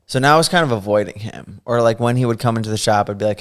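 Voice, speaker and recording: A young man telling a funny story on a podcast in casual chat, animated and often laughing as he acts out the quotes. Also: medium pitch, racing, few pauses, clean tone.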